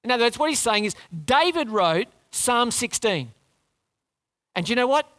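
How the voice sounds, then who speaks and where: A woman's voice: a little high, very animated, moderate pace, fairly bright tone. A woman preaching a sermon in an earnest, conversational way, asking rhetorical questions and repeating phrases for emphasis.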